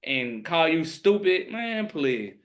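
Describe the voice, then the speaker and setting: A man's voice: on the high side, sing-song, slow pace. A man on a discussion panel, talking emphatically and repeating his points.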